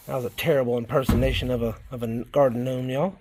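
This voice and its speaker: A man's voice: medium pitch, fairly even intonation, quick pace, creaky, few pauses, a little mellow, slight background noise. A man with a Southern US accent, chatting folksily to viewers in a rambling, casual way while tending his worm bins in a shed. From South Carolina, US. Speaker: worm farmer vlogger. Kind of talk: casual vlog chat while working. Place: garden shed.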